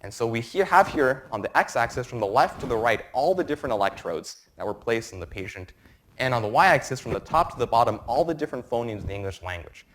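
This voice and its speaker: A young man in his twenties presenting an academic lecture to a room, explaining research in a quick, informal way. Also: medium pitch, lively intonation, a bit bright, a little hiss or hum. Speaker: medical student presenter.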